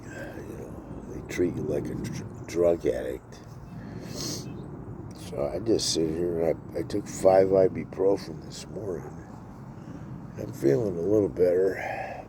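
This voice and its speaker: Man in his sixties, weary, profane, very low voice, faint traffic behind. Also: slow, pauses often. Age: 60s. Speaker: vlogger. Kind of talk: rambling personal vlog. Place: outdoors.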